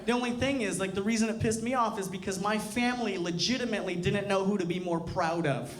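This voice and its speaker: A man in his thirties with a high, fast voice works a comedy club stage in front of a live audience, delivering a casual, profane stand-up set and capping lines with "you know." It's a live club recording, with the crowd's laughter audible.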